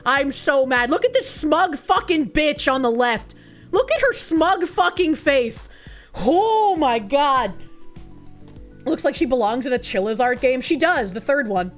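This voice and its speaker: A woman's voice: high-pitched, lively intonation, a little slow, faint music behind. Tired, angry profane young woman streamer. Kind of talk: casual livestream commentary.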